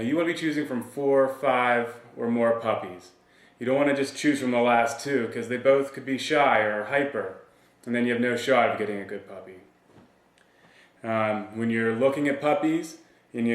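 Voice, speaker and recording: A man gives a relaxed, plain-spoken lesson as a dog trainer, talking at a middle pitch. He drops in easy fillers as he explains. His voice sits back from the mic in a roomy space with noticeable reflections. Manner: relaxed, plain-spoken, with frequent "you know" and "um". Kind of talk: casual instructional demonstration. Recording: roomy sound from a distance from the mic.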